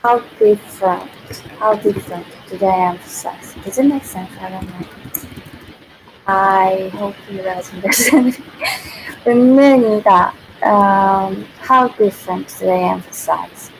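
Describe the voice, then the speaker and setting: Korean-accented woman, streaming language tutor, casual and giggly. Mid pitch, slight background noise from the device mic. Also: unhurried, vocal fry. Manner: giggly, repeats and restarts phrases. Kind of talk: casual livestream lesson. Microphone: built-in device mic, no external microphone.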